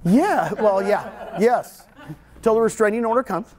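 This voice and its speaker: Lively middle-aged Texan man presenting. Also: high voice, measured pace. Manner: animated storyteller, jokes with audience. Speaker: real estate trainer. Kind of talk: live seminar talk. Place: meeting room with audience.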